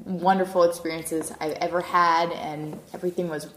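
A woman's voice: fairly low pitch, level tone, moderate pace, fairly bright tone, reverberant. A woman guesting on a podcast, gushing with thanks in casual chat. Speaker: contest winner guest.

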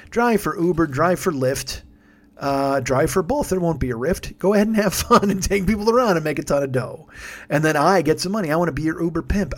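Tired, profane comedian rambling through plugs. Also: male voice, on the high side. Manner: profane, rambling, self-mocking. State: tired, yawning. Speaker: podcast host; stand-up comedian. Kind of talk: casual late-night monologue with plugs.

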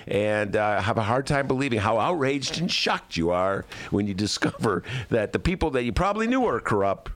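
A man's voice: fairly low pitch, moderate pace, few pauses. A man from Chicago co-hosting a podcast, ranting sarcastically in casual chat. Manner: animated and sarcastic, slips into mocking voices. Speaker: podcast co-host.

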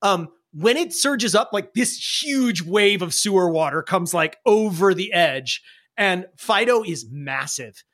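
Chatty, animated game master. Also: medium pitch, measured pace. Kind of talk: narrating a tabletop game.

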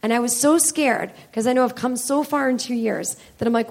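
Woman comedian, live stage host, self-deprecating rambler, high gravelly voice. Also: brisk, a little mellow. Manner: rambling, candid, swears freely. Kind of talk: live stand-up style chat with audience.

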